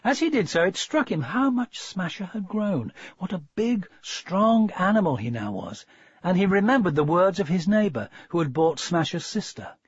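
A man narrating a children's story in an expressive, measured way, on a dull, dry lo-fi recording. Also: high-pitched, breathy edge, no echo.

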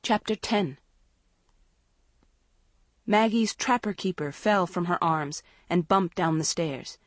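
A woman narrating a storybook in a measured, dramatic way. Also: fairly low pitch, no echo. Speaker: audiobook narrator.

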